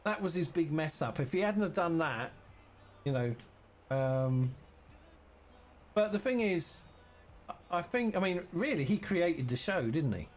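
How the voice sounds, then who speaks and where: A man's voice: on the high side, lively intonation, measured pace, long pauses. A man chatting casually and teasingly with viewers while streaming a farming game.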